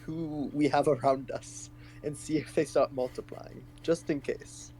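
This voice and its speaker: A man playing his character in a tabletop game, animated and exasperated, swearing often. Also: fairly high pitch, measured pace, a little hiss or hum. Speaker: player. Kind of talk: in-character tabletop role-play.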